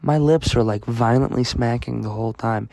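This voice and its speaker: A young American man tells a rambling, self-deprecating story for a casual vlog, full of fillers and restarts. His voice is medium-pitched, creaky, and darkish, at normal speed with no echo.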